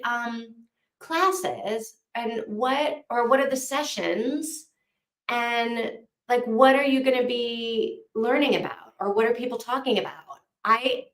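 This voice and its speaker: A woman's voice: a little high, echoey room. A woman hosting a reading sprint, chatting casually and rambling with lots of fillers while she reads out comments. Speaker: host of a reading sprint stream.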